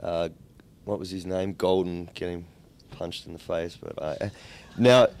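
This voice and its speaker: A man's voice: sits low, steady tone, measured pace, a little mellow. An Australian man in a band, answering interview questions with dry, rambling jokes. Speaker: band member. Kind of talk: casual interview.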